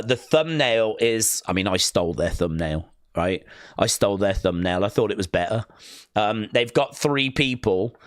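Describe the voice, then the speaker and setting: A man's voice: medium pitch, fairly bright tone, no room sound, clean studio sound. Chatty man hosting a live stream. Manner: chatty, reads viewer comments aloud. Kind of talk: casual watch-along chat.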